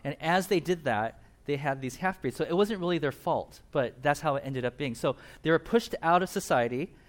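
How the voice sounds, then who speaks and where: Lively, animated young-sounding pastor. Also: male voice, fairly high pitch. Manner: animated storytelling, voicing characters in quick asides. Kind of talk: casual sermon retelling a Bible passage.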